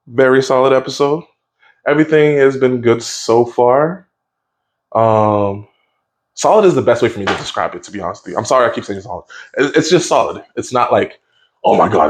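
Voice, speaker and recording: A man giving a casual spoken review of a TV episode, easygoing and rambling, with lots of fillers and restarts. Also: medium pitch. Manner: rambling, with frequent fillers and self-corrections; easygoing and conversational.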